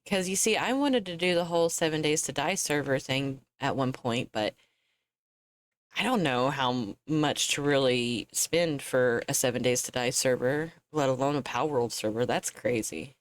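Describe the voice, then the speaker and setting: Her voice is a rumbling low, moving at a moderate pace, as a young woman chats casually on a gaming live stream. She laughs often and talks to her chat as well as herself. The recording is dry.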